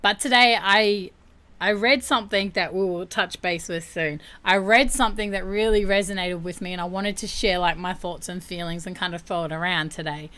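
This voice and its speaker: A woman's voice: lowish voice, steady tone, normal speed, bright, forceful tone. A young woman hosting a casual livestream chat, candid and chatty, laughing often. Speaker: livestream host.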